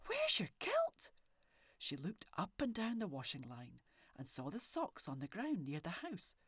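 A woman reading a children's story aloud with expressive, animated delivery and soft whispery asides. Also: low voice, normal speed, husky, dry recording. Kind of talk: storybook narration.

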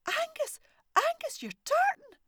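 Woman doing a shrill shrieking crofter's wife. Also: huge pitch swings, takes it slowly, dry recording, studio quality, heavily acted.

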